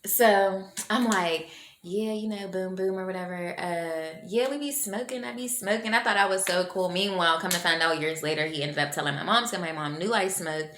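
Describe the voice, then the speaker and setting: A woman tells a story to her camera in a loose, slangy way. She acts out what other people said, and her voice climbs when she gets excited. The room is echoey, with a little noise underneath. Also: lowish voice, moderate pace. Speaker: vlogger telling a story.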